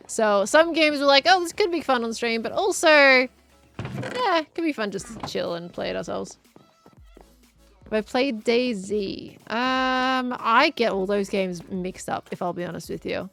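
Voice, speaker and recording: An Australian woman streamer rambling in casual chat while she plays a game, chatty and quick to giggle. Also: medium pitch, gravelly.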